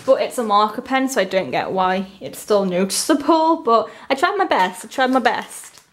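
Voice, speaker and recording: A woman's voice: on the high side, normal speed. A young woman from England chatting casually as she unboxes a haul, gushing and exclaiming often. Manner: gushing, repeatedly excited, lots of "oh my god".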